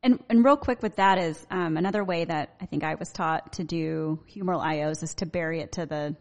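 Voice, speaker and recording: A woman hosting a podcast interview, jumping in with quick follow-up points. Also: low-pitched. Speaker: podcast host. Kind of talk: interview chat.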